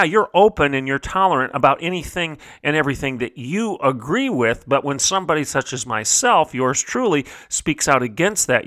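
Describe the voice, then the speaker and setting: A man's voice: mid-range voice, sharp tone, no room sound, clean studio sound. A male host delivering an emphatic, indignant opinion monologue on his show. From United States. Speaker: podcast host.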